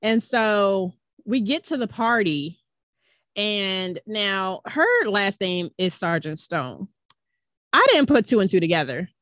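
A woman's voice: mid-range voice, animated, takes it slowly, fairly bright tone, no echo. A woman co-hosting a podcast, telling a story in a chatty, conversational way. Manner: chatty, laughs along, conversational. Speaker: podcast co-host. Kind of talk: casual storytelling chat.

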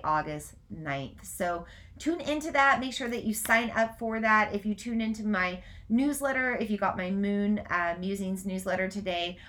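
A woman hosting a casual live stream, talking fast in run-on sentences, then gently guiding a breathwork practice. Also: medium pitch. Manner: gentle instructive guidance in breathwork. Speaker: spiritual coach and podcast host.

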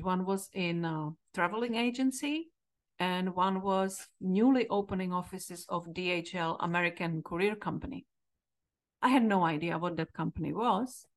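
A middle-aged woman from the Czech Republic with a Czech accent, a podcast host telling a candid, reflective personal story. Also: mid-range voice. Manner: candid, reflective, quoting herself with emotion.

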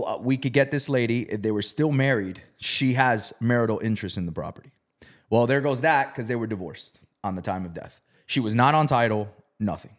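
Male storyteller, casual and profane, animated when quoting others. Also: medium pitch. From South Florida. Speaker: real estate investor.

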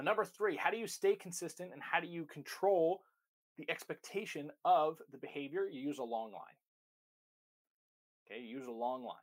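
A man with a mid-range voice teaches dog training in a direct, emphatic way. He explains each step plainly and speaks straight to the listener. His delivery is instructional. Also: medium pitch. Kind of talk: instructional talk.

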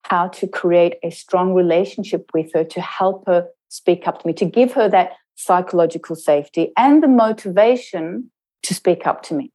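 A middle-aged woman intercultural trainer reflects on her experience in an interview. Her voice sits fairly low and sounds warm and mellow. She talks in a measured way and slows down to stress her points. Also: rough recording.

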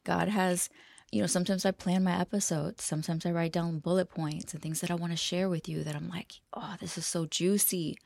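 Podcast host, woman, low gravelly voice, rambling confessional chat, dry close sound. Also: fairly even intonation, brisk, dry recording. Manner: rambling, laughs often, drops to a hushed whisper at times. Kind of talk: casual freestyle monologue.

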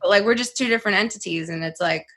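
Young woman spilling a story on a podcast, bright voice, lots of "like", cusses freely. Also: mid-range voice, quick pace. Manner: animated, heavy use of "like", swears freely. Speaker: podcast guest. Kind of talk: casual storytelling interview.

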